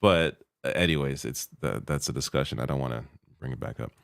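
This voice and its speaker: A man's voice: very deep voice, a little fast, gravelly, fairly bright tone, no echo, clean studio sound. A man co-hosting a political livestream, reading viewer questions and donations in a laid-back way, often chuckling and trailing off. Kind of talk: casual livestream chat.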